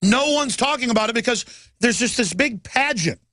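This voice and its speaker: A man's voice: sits high, lively intonation, fairly quick, pushed and bright, no echo. A man hosting a talk radio show, ranting urgently and emphatically, firing off lists. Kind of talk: political rant monologue.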